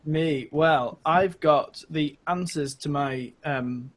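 A man's voice: fairly high pitch, takes it slowly. A man with a Welsh accent chatting casually on a podcast, hesitant with many ums and restarts. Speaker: podcast co-host. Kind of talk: casual chat.

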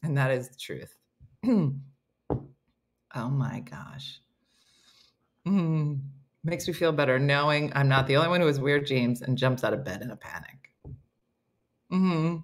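Lively comedy morning show host woman. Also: extremely low pitch, unhurried, pauses often. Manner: reads listener stories aloud with playful banter.

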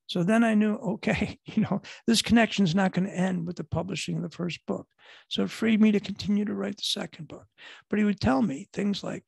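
A man's voice: sits high, brisk, dry recording. A middle-aged man from Buffalo, New York, with a Western New York accent, telling a heartfelt personal story as a guest speaker, rambling and repeating himself earnestly. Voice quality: gravelly, husky voice.

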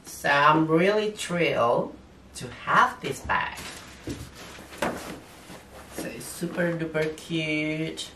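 A man with a non-native English accent, talking through an unboxing haul as a vlogger in halting, hesitant English full of fillers. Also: a little high, pushed and bright. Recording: roomy echo, distant mic, faint noise.

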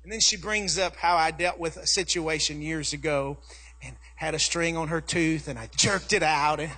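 A man preaching a sermon as pastor, telling a family story and rising to shouts. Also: a little high, moderate pace. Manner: animated preaching, acting out his daughter's voice, rising to shouts.

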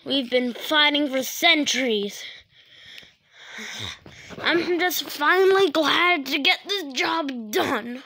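A woman's voice: sits high, takes it slowly, long pauses, sharp tone, full character voice. A woman voicing a vengeful, menacing villain who steals bodies, speaking in a gloating, threatening way.

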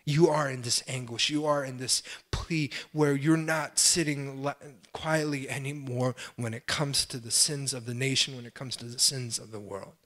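A young adult man, a pastor, preaching a sermon with impassioned swells and pleading cries, then dropping to quiet, self-deprecating asides. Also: mid-range voice, fairly even intonation, normal speed, hardly any pauses.

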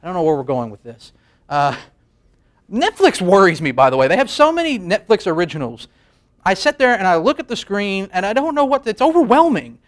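Thirties male host, higher voice, loose self-deprecating comic monologue to camera. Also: sing-song, brisk. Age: 30s. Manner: rambling, self-deprecating, laughs at own jokes. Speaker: late-night show host. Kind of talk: comedic monologue. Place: studio. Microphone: facing a camera.

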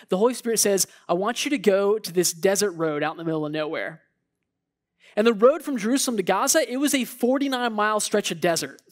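A preacher delivering a sermon in a church. The delivery is conversational and storytelling, full of asides. The preacher acts out what the Bible characters might be thinking. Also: mid-range voice. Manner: storytelling, acts out biblical figures' thoughts.

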